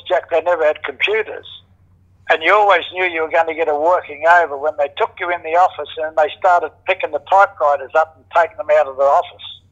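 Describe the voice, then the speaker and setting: Old aussie bloke yarning about the old days, bit higher voice, kinda dull muffled recording, swears a lot. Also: male voice, fairly bright tone. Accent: Australian. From Australia. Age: older. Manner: blunt, swears freely, acts out quoted voices. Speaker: interviewee, former criminal. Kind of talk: casual storytelling.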